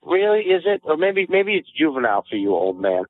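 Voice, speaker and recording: A man co-hosting a podcast, telling boastful stories in animated, casual banter and quick to get riled. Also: fairly high pitch. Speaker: podcast co-host. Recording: phone-like lo-fi audio.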